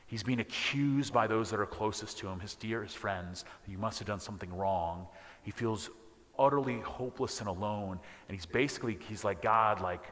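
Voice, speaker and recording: Man teaching in a reverberant church. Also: on the low side. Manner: conversational, self-deprecating, with quick joking asides. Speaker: parish speaker teaching a faith class. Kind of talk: informal teaching talk in church.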